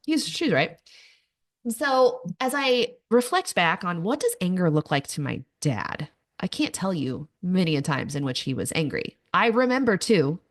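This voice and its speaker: A woman in her thirties hosts a personal podcast, talking candidly and poking fun at herself. Her voice sits fairly low but swings widely in pitch as she tells her stories. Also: measured pace. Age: 30s. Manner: candid, animated storytelling with self-mocking asides. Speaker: podcast host. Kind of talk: personal monologue.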